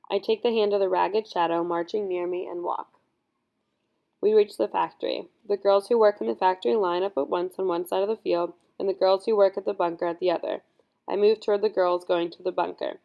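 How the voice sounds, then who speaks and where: A woman reading a first-person audiobook in scripted narration, measured and earnest. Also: medium pitch, fairly even intonation, creaky, dull audio.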